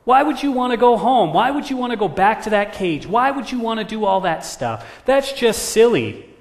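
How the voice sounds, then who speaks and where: A man voicing a pushy, sneering crow that coaxes and mocks in a high, loud voice during a sermon story. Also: very animated, moderate pace, long reverb tail. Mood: scornful. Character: sneering, pushy flock of crows.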